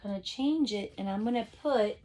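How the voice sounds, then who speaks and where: A woman teacher giving a phonics lesson to young children over a video call, sounding out letters slowly and cheering them on. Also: medium pitch, dark tone. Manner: upbeat, encouraging, speaks straight to the kids.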